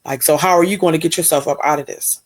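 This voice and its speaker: A woman's voice: low voice, fast, a little hiss or hum. A woman from Pennsylvania hosting a reaction channel, giving casual, critical, exasperated commentary.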